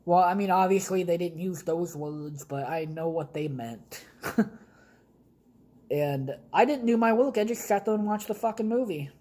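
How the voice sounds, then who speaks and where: This young man's voice is high-pitched with a dark tone, moving at a moderate pace, captured in low-quality audio. Hosting a podcast from his home basement, he tells rambling, casual stories and swears bluntly and heavily.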